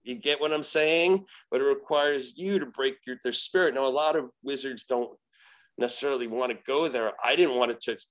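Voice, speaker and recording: A man, a shaman guest on a podcast, telling a story in casual chat, animated and profane. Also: medium pitch, moderate pace. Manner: animated, profane, acts out quoted dialogue.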